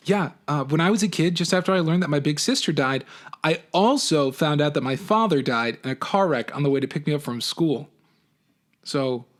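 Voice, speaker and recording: A man, a teacher, reading a novel aloud for his class, with an expressive, animated first-person delivery. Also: medium pitch.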